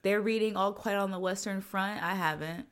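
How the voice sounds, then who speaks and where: A woman's voice: mid-range voice, steady tone, moderate pace, slight background noise. A woman co-hosting a podcast, chatting casually with profane, laughing banter. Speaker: podcast co-host. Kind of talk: casual rewatch chat.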